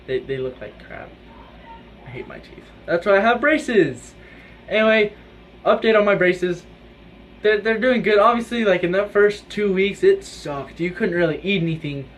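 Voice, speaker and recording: Chatting casually to camera indoors under his own video light, a high-voiced teenage boy rambles through his stories, laughing as he goes and filling them with "like." Slight background noise is audible.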